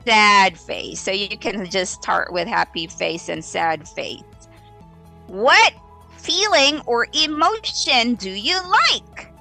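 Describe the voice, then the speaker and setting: Slow, bright-voiced woman teacher. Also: mid-range voice. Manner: animated, models exaggerated reading voices. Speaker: ESL teacher. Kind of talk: live-streamed teaching tips.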